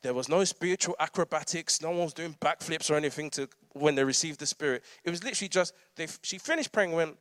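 A man's voice: on the high side, fast talker, hardly any pauses, fairly bright tone, no room sound, clean studio sound. A man, preaching a conversational sermon with humorous asides and frequent laughter. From London. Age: 30s.

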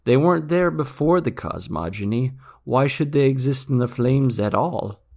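Male reader as a zealous lecturing monk, earnest and gravelly. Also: medium pitch, animated, normal speed, darkish tone. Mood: preaching. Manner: earnest, preachy, rising intensity.

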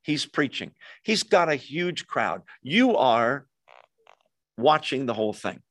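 A man preaching a sermon to his congregation, telling the story in a chatty, animated way with quick asides to listeners. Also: medium pitch, no echo, clean studio sound. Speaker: pastor.

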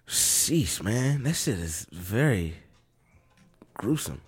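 A man's voice: mid-range voice, measured pace. A young man co-hosting a casual podcast, joking around and swearing freely. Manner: animated, joking, swears freely, laughs often. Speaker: podcast co-host. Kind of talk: casual chat.

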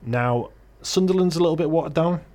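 Middlesbrough guy on a podcast, bit high voice, gets worked up and ranty. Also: a little fast. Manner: animated, ranting, swears. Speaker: podcast co-host. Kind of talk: casual podcast chat.

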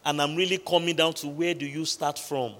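Male pastor preaching, kinda high voice, lots of pauses and questions to the crowd, long church hall echo. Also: fairly even intonation, a bit bright. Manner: preaching with emphatic pauses and repeated questions to the congregation. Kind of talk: sermon.

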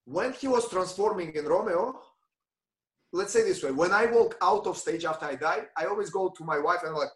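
A male ballet dancer tells backstage stories in a lively, conversational style, often laughing and acting out what others said. His voice sits a little high for a man. The recording carries a noticeable roomy echo. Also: a little fast. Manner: animated, acts out quoted lines, frequent laughs. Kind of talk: conversational storytelling.

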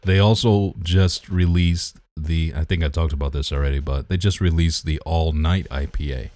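A man's voice: extremely low pitch, normal speed, a little mellow, dry recording. A man co-hosting a podcast in casual chat, teasing and nitpicking about beer. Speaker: podcast co-host.

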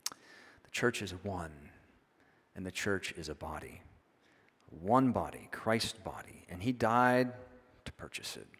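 A man preaching a sermon in a church, conversational and often checking in with his listeners. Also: mid-range voice. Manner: conversational, keeps asking "right?". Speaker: pastor. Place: church sanctuary. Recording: long hall reverb.

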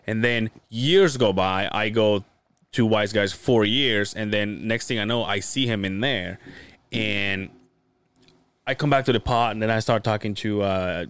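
A man's voice: lowish voice, measured pace, clean tone, dry recording. A man hosting a podcast, telling stories in casual chat with lots of swearing and acted-out voices. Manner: animated storyteller acting out quoted voices, swears freely. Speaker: podcast host.

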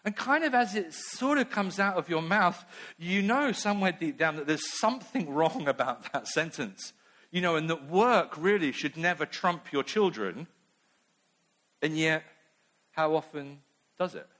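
A man's voice: a little high, lively intonation, measured pace, fairly bright tone. A man preaching a sermon in a conversational way, with many asides.

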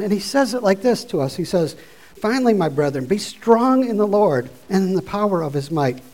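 High-voiced man preaching with rising fervor. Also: a little fast, rough recording. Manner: animated, swings from quiet to loud exhortation; conversational, informal asides. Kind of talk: sermon.

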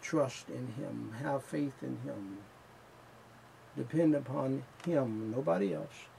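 A man preaching a sermon in slow, emphatic phrases that build in fervor. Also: medium pitch, gravelly, mellow, slight background noise, rough recording.

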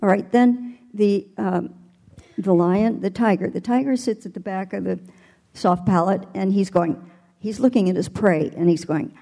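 An older woman with a mellow, relaxed voice speaks as a voice teacher. She explains her coaching thoughtfully and demonstrates with playful vocal imagery. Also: medium pitch, a little slow, creaky. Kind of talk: panel interview answer.

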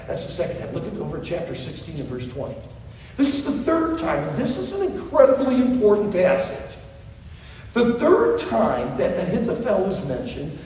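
A high, lively male preacher tells a story to college students, repeating phrases for effect. His voice rings around a large hall with long reverb, picked up from a distance. Faint room noise sits underneath. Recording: echoey hall from far off.

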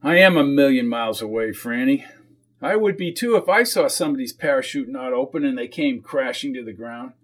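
A man's voice: medium pitch, animated, brisk, close to an everyday voice. A man voicing a weary, dry-humored small-town football coach in an audiobook.

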